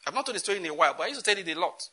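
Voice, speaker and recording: Husky, lively Nigerian preacher man. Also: sits high, rapid-fire. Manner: animated, rhetorical questions, laughs often. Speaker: pastor. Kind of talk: sermon.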